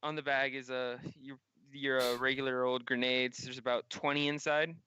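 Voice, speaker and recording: A man narrating as game master of a tabletop game, halting with frequent restarts. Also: mid-range voice, level tone, bright, forceful tone, dull audio, slight background noise.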